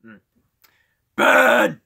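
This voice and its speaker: A man playing a bossy masked father who yells commands at his son in a high, strained voice. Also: extremely slow.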